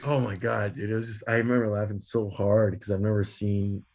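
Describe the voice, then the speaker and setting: A man co-hosting a podcast, telling funny stories in an animated way, laughing often. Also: lowish voice, a little fast. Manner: animated, laughing, lots of fillers. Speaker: podcast co-host. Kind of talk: casual storytelling.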